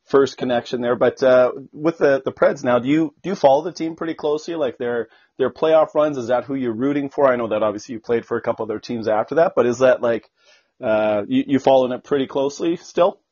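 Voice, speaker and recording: A man's voice: medium pitch, a little fast, a little mellow, breathy edge, highs cut off. A man hosting a podcast, talking in a loose, chatty, conversational way as he introduces and interviews a guest. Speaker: podcast host.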